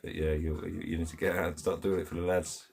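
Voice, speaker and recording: A man's voice: deep voice, level tone, quick pace, vocal fry, darkish tone. A man with an English accent hosting a casual live stream, chatting bluntly in heavy slang, laughing often and reading out viewers' comments from his home. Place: home, indoors.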